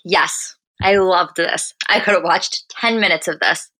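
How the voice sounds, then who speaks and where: Bright, emphatic woman podcaster. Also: lowish voice, unhurried. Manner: blunt, emphatic, swears freely. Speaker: podcast co-host. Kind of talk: casual recap chat.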